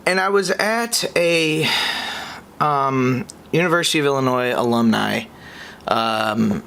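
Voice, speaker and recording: A young man from the United States hosting a podcast, reacting in an exasperated way that swings between high outbursts and low muttering. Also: slow, gravelly, bright, forceful tone, slight background noise. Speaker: podcast host.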